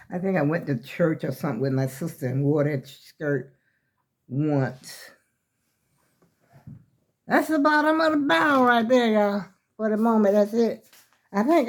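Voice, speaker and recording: A woman's voice: fairly low pitch, lively intonation, moderate pace. An older woman, chatting casually to her viewers as she shows her skirts, a little out of breath. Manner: chatty and rambling, addresses viewers as y'all. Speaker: vlogger showing her clothes.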